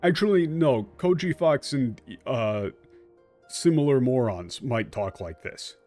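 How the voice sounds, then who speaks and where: A man in a mid-range voice chatting over a game stream, breaking down the translation as he plays. He talks animatedly, bursting into excitement and tossing out blunt, sarcastic jabs. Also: mid-range voice, a little slow, soft background music. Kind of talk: casual gameplay commentary.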